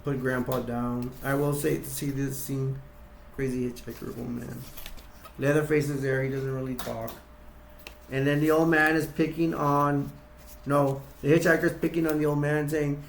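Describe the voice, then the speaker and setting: A man's voice: medium pitch, little pitch movement, normal speed, vocal fry, echoey room, slight background noise. A man casually retelling a horror film scene by scene, rambling with restarts and acting out quotes in a raised voice. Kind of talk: casual acted-out retelling with toys.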